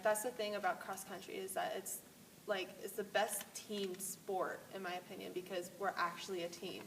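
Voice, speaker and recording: A teenage girl, a high school runner, chatting casually with relaxed, filler-heavy talk. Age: late teens. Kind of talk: casual interview answers. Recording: distant mic, faint hiss.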